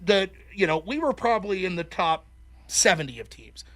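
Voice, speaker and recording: A man hosting a call-in show, telling stories in animated, profane casual chat. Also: high voice, normal speed, no room sound. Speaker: podcast host.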